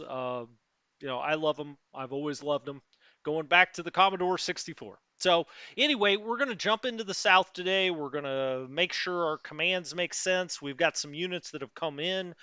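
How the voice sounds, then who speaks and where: A man's voice: on the high side, bright, forceful tone, smooth, no echo. A middle-aged man hosting a strategy game let's play, chatting casually and rambling with lots of fillers as he greets viewers. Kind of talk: casual live gameplay commentary. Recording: dry, slightly dull lo-fi sound.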